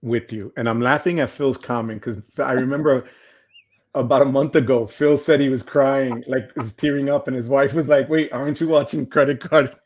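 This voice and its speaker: A man's voice: medium pitch, steady tone, normal speed, a little mellow. Older male host, casual and emotional, rambles with restarts. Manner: heartfelt, rambling, with frequent restarts. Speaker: livestream host. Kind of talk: casual livestream chat.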